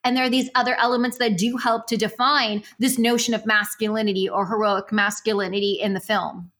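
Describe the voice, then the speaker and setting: A woman's voice: medium pitch, flat delivery, fairly quick, a bit bright. A woman co-hosting a podcast, reflecting thoughtfully in academic wording. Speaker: podcast co-host. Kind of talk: casual reflective chat.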